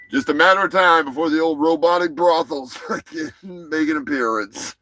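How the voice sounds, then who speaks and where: A man hosting a crude comedy news show, rowdy, laughing and shouting his sales pitches. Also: no room sound. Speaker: host.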